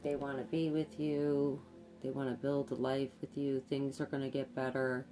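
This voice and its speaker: A woman's voice: a bass voice, little pitch movement, normal speed, mellow, faint music behind. A woman giving a tarot reading, speaking hesitantly with many fillers and repeated words. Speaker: tarot card reader. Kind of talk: intuitive tarot reading to camera.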